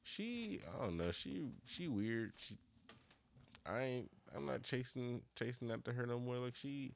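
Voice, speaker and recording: A man co-hosting a podcast, telling a profane story in casual chat and acting out the people he quotes in higher voices. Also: normal speed, gravelly, slight background noise. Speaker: podcast co-host.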